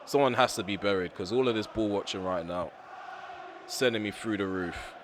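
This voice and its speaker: A young man talks over his football video game in a slightly low voice. He rants bluntly and swears mildly at his players. His voice sounds hoarse and worn. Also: moderate pace, a crowd in the background, background noise. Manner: frustrated, ranting, blunt with mild swearing. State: voice getting hoarse. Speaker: gaming YouTuber. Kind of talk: live gameplay commentary.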